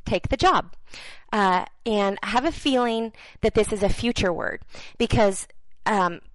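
A woman delivering prophetic words to viewers as a minister, earnest and halting, repeating phrases for emphasis and dropping into soft, near-whispered passages. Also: medium pitch, no echo, poor audio.

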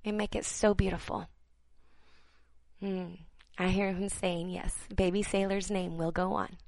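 A woman minister delivers prophetic words to viewers in an earnest, halting way, repeating phrases for emphasis and slipping into soft, almost whispered passages. Her voice sits on the low side, level and gravelly. The recording is rough, with no echo.

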